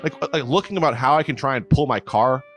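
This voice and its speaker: A man's voice: medium pitch, fast talker, fairly bright tone. A man telling a story in casual chat, rambling with lots of fillers and swearing.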